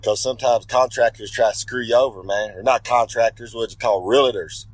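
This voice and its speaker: Speaking briskly in a steady, mid-range voice, a man rambles through a boastful wrestling promo about himself in the third person, stopping to correct himself. The recording is dry and the audio poor; he's a pro wrestler on a regular segment.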